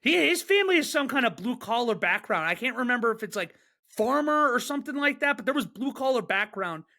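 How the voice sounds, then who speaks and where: Male podcast co-host, bright and sharp-toned, excitable and quick to rant. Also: very high-pitched. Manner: excitable, joking, fast rants. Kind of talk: casual sports chat.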